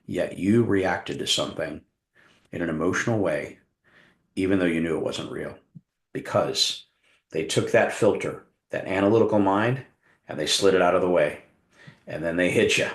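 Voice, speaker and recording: A middle-aged man from Arizona giving a workshop talk, telling a story with animated, acted-out scenes. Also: deep voice, moderate pace. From Tucson, Arizona. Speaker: workshop presenter, hypnotist coach. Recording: roomy echo.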